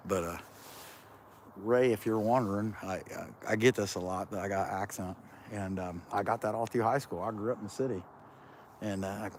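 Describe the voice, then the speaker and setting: Man, Kentucky accent, lazy rambling drawl, lowish voice, live chat outdoors, faint background noise. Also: normal speed. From Central Ohio. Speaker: livestream host. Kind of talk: casual live chat while hunting. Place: outdoors in farm fields.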